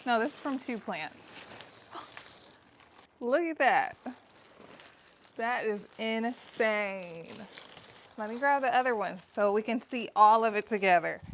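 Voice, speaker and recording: Breathy, tired woman chatting in her garden. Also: mid-range voice, a little hiss or hum. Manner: chatty, excitable, addresses viewers as y'all. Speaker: gardening vlogger. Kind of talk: casual chat while harvesting. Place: outdoor garden.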